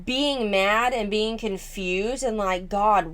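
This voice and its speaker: Woman, commentary host, slow delivery, blunt, rambling with fillers. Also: medium pitch. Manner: unpolished and frank, lots of "like" and "um". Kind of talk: reaction commentary on a vlog.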